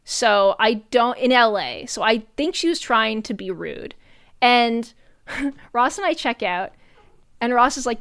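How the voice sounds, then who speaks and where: A young adult woman streamer telling a story in casual chat, animated, swearing often and laughing between lines. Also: a little high, moderate pace, no echo, clean studio sound.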